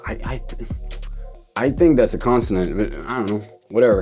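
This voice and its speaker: A man's voice: mid-range voice, a little mellow. A man teaching songwriting in a loose, rambling way, correcting himself and thinking aloud as he goes. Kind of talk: loose explanatory lesson.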